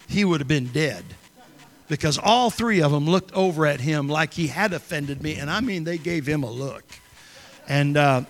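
A man's voice: fairly high pitch, fairly bright tone. A man preaching a sermon as a pastor, telling a story in a folksy, conversational way in a church sanctuary. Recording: long reverb of a church hall.

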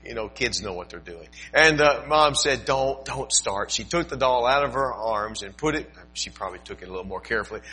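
Husky older preacher, sharp and bright. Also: male voice, mid-range voice, poor audio. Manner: folksy storytelling with asides and emphatic rises. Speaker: pastor. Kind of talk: sermon.

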